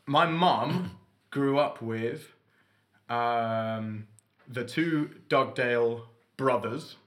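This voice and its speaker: A young man co-hosting a podcast, telling animated stories in casual chat and acting out the quotes. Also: medium pitch, very slow. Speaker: podcast co-host.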